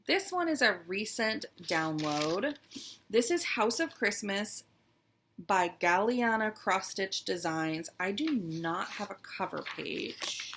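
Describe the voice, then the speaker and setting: Chatty woman with a gravelly, bright voice. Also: mid-range voice, animated, slow pace, slight background noise. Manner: chatty, wistful, fond, with many "um"s. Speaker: cross-stitch vlogger. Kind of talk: casual show-and-tell chat.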